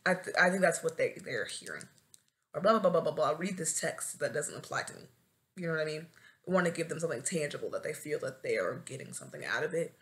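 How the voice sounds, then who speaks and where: Quick and lively, her low voice carries a solo podcast where this twenty-something new teacher chats casually. For comic effect she turns dramatic, bursting into wails and shouting.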